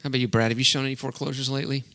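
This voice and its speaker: A man's voice: mid-range voice, level tone, racing, bright, forceful tone. A middle-aged man hosting a casual podcast, upbeat and rambling, laughing often between filler words. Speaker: podcast host.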